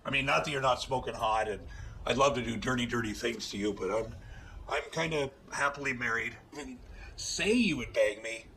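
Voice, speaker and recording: A man's voice: medium pitch, moderate pace, bright, forceful tone, slight background noise. An actor playing an awkward, gushing married man posing as a trailer park guy in a TV comedy. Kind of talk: TV comedy acting.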